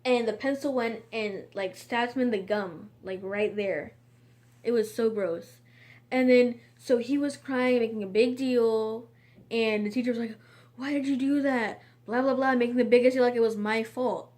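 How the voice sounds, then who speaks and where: A woman's voice: a little high, steady tone, normal speed, a little mellow. A woman in a casual storytime monologue, rambling and chatty, with frequent fillers and restarts. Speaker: vlogger.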